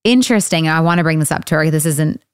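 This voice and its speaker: A woman's voice: deep voice, racing, smooth, dry recording, clean studio sound. A woman in her thirties hosting a podcast in a chatty, rambling way, laughing often, also reading the ads. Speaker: podcast host. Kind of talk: casual chat and ad read.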